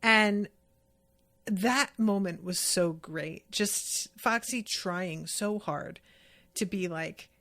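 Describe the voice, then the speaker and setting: A woman's voice: medium pitch, extremely slow, fairly bright tone. A woman hosting a podcast, chatting casually and with amusement as she recaps episodes and acts out quoted lines. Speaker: podcast host.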